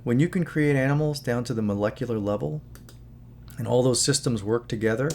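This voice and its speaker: A man's voice: medium pitch, a little fast, creaky, darkish tone. A man with an ordinary mid-range voice gives an earnest, rambling monologue, moralizing as he wanders through asides. A faint hum sits under the recording. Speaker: channel host. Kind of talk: casual spoken commentary.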